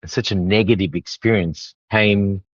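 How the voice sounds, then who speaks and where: A man with a fairly low voice hosts a conversation and digs in with curious follow-up questions. His sound is slightly dull and muffled, and it is recorded dry and close with no room echo. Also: a little slow. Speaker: podcast host. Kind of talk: conversational interview.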